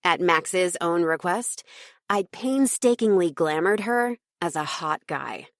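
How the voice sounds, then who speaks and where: A woman's voice: lowish voice, expressive, slow pace, no echo, studio quality. Wry woman narrating an audiobook. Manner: snarky, wry. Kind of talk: scripted first-person audiobook narration.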